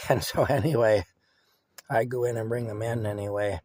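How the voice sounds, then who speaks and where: An older man, telling family stories in a halting, rambling way. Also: on the low side, fairly even intonation, darkish tone, no echo. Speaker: vlogger. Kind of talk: casual storytelling.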